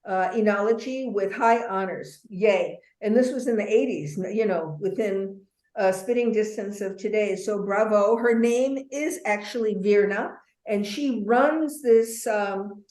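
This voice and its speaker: A woman leads a wine tasting lesson over a video call, her voice mid-pitched and chatty. She fills her talk with ums and playful asides. The sound is roomy, with a noticeable echo around her. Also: a little slow. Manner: chatty, warm asides, many fillers.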